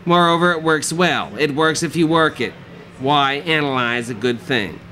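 A man's voice: fairly high pitch, normal speed, bright, forceful tone, slight background noise. A man voicing a pushy, lecturing recovery zealot who talks down to his listener. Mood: preachy. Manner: lecturing, condescending.

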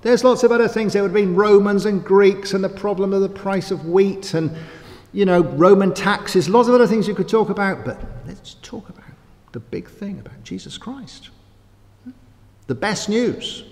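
A man with a high-pitched, darkish voice preaches a sermon in a church sanctuary at normal speed. His style is conversational, with frequent asides and rhetorical questions. The church hall has long reverb.

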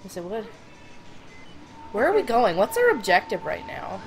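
A woman's voice: medium pitch, wildly swooping pitch, normal speed, over music, low-quality recording. A young woman co-playing a horror game, dry and teasing, giving her friend directions. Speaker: let's play co-player. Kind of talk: casual co-op gameplay chat. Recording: game sounds loud behind voice.

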